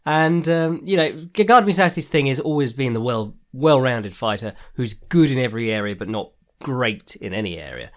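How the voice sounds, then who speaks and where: A man's voice: mid-range voice, expressive, moderate pace, hardly any pauses. A man hosting a casual fight-sports podcast, rambling and profane, often laughing at his own asides. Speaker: podcast host. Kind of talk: casual MMA commentary podcast.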